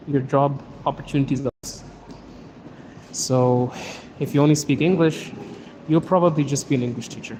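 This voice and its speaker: A man's voice: medium pitch, noisy background. A man hosting a casual outdoor livestream, chatting and joking as he answers viewer questions while walking through a snowy city. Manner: chatty and joking, reading comments aloud. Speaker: livestream host.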